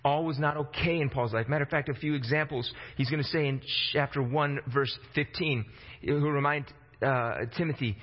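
A man's voice: medium pitch, fairly even intonation, moderate pace. A man preaching a sermon in a conversational way, acting out quotes in a casual voice. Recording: dull lo-fi sound with long hall reverb.

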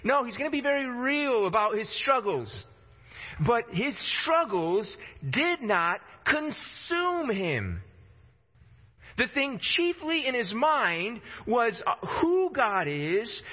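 A man with a high voice preaches a sermon in a relaxed, talky way and slips into casual voices for quotes. His voice rings in a long hall echo, and the recording sounds dull and lo-fi. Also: slow.

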